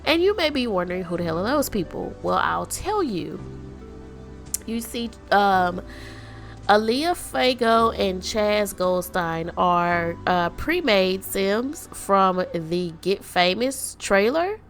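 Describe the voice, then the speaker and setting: A congested woman hosts her game channel in an unhurried, chatty drawl full of ums. Her stuffy voice has a gravelly fry at the ends of phrases, and faint music plays behind her. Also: mid-range voice, animated. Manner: chatty, laughs often, many ums. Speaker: gaming channel host. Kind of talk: casual gameplay commentary.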